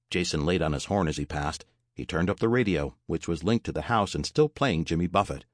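Deep-voiced male audiobook narrator. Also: no echo, studio quality.

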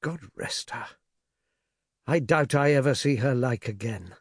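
A man's voice: medium pitch, measured pace, husky, no echo, studio quality. A man voicing a genial older naval lieutenant and father, who talks in a hearty, conversational way. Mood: gossipy.

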